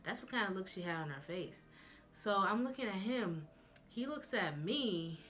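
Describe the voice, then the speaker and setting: A young woman vlogger telling a storytime tale in a sassy, animated way, talking to her viewers like friends. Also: mid-range voice, normal speed. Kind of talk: storytime vlog.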